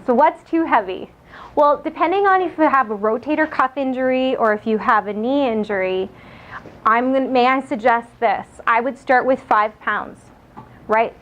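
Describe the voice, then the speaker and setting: A woman's voice: fairly high pitch, normal speed. Chatty woman lecturing, muffled recording. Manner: lively, chatty, asks the audience questions. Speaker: nutrition speaker. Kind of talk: live lecture to an audience.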